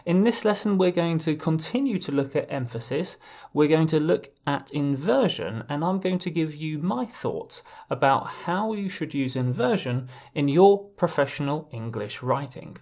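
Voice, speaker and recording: A man's voice: on the high side, expressive, normal speed, creaky, darkish tone. Man teaching a video lesson. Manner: explanatory, with restarts. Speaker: legal English teacher.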